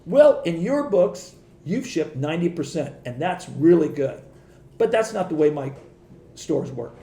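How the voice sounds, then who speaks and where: A middle-aged man telling stories on a podcast in a casual, animated way, laughing often and acting out the voices of the people he quotes. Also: on the high side, unhurried, roomy sound. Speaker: podcast guest. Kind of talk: casual storytelling.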